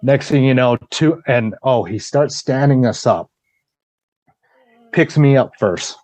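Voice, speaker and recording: A podcast guest spins a long, casual story, acting out quoted dialogue with lively energy and cursing freely. His voice is mid-range and slow, and the recording is poor in quality though free of echo.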